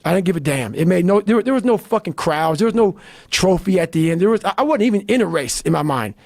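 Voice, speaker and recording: A middle-aged man giving a blunt, profane motivational talk, swinging between low growls and shouted bursts. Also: expressive, quick pace, vocal fry, no room sound. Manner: blunt, swearing constantly, fired-up. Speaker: motivational speaker. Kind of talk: intense profane monologue.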